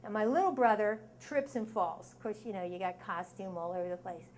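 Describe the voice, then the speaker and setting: A woman's voice: mid-range voice, fairly quick, slight background noise. A middle-aged woman telling a story on stage before a live audience, acting out the voices in it with sudden screams. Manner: lively, acts out quoted voices with sudden screams.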